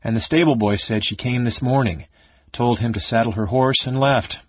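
A man's voice: mid-range voice, normal speed, slightly rough, dry recording, lightly acted. A man voicing a rotund, kindly elderly innkeeper who talks in a mild, fussing manner. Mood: fussy. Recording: dull lo-fi audiobook recording.

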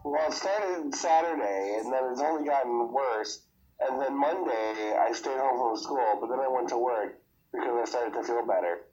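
Sick, tired man co-host, hoarse, grumbles through casual podcast chat, radio-like sound. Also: medium pitch, normal speed, a little mellow, highs cut off. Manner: grumbling, complaining.

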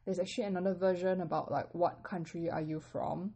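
A woman teaching a casual language lesson, patiently explaining step by step with relaxed fillers. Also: sits low, normal speed, few pauses.

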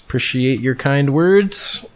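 A man's voice: medium pitch, slow, background noise. A man from California hosting a casual livestream and answering viewer questions, talking emphatically, repeating his points and restarting sentences. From Stockton, California, USA.

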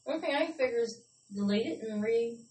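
A woman's voice: fairly high pitch, animated, a little fast, a little mellow, recorded from a distance, a little hiss or hum. A woman co-hosting a casual live radio chat, trading dry, teasing banter. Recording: roomy sound from off-mic.

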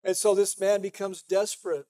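Man, pastor, sermon, high voice, conversational, emphatic. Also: flat delivery, moderate pace, warm tone. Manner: conversational, emphatic, frequent "you know".

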